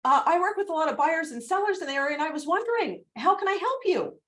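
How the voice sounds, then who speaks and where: A woman playing a perky female cold-caller with a high, twangy voice that swings up at the end of every phrase. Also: sing-song, quick pace, fairly bright tone, full character voice.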